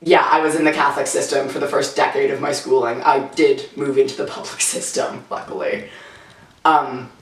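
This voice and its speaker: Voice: medium pitch, level tone, moderate pace. A teenager speaking frankly in a casual interview, full of "like" fillers. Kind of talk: candid personal interview. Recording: roomy sound from a distant mic, faint music.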